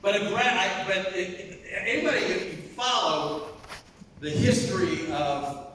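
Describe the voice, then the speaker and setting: A high-pitched, bright-toned man gives a fired-up motivational speech and hammers his points home by repeating them. His voice carries through a big echoing convention hall with a long reverb tail, picked up from well away from the mic. Faint room hum sits underneath. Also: slow. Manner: energetic, emphatic, repeats key points. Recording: echoey hall, voice from far off.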